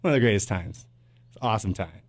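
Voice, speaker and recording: On air, a man in his thirties hosting a radio show spins loose, rambling anecdotes full of "uh" and "blah, blah." His low-leaning voice is expressive and quick, with no echo.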